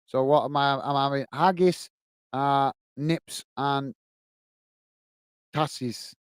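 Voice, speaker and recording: A man's voice: medium pitch, fairly even intonation, takes it slowly, clear, resonant tone, dry recording. A man from England hosting a football watch-along, chatting casually and reading out viewer comments with friendly thanks. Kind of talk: casual live-stream chat.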